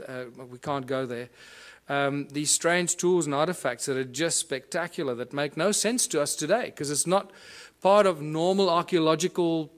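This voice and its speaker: A man giving a conference lecture, explaining things and pointing them out to his audience as he demonstrates. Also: on the high side. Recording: echoey room.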